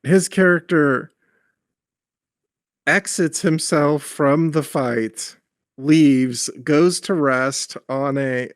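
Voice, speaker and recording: A man co-hosting a casual movie-review podcast. He talks in animated, long run-on explanations. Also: a little high, extremely slow, no echo, clean studio sound. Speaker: podcast co-host.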